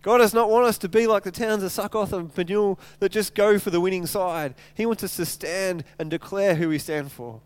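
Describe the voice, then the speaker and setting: A pastor whose voice sits high speaks at a moderate pace with hardly any pauses, in a clean tone without echo. He animatedly recasts scripture in everyday language, with frequent stumbles and repeated words.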